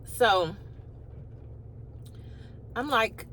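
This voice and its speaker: A woman's voice: mid-range voice, very slow, pauses often. A woman vlogger casually telling a personal story, acting out the other side of a phone call with incredulous asides. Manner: animated retelling with rising, incredulous asides. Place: in a car.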